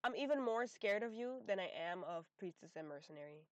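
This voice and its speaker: A woman's voice: medium pitch, lively intonation, brisk, dry recording, highs cut off. A young woman giving sassy, blunt tier-list commentary on game characters, talking straight to her viewers in slangy casual speech. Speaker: gaming video creator.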